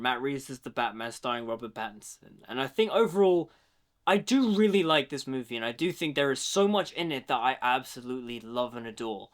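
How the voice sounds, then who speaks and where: A man's voice: medium pitch, a bit bright. A man giving a casual, opinionated film commentary, talking freely with lots of "like" fillers. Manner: opinionated, chatty, many "like" fillers. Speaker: movie commentator.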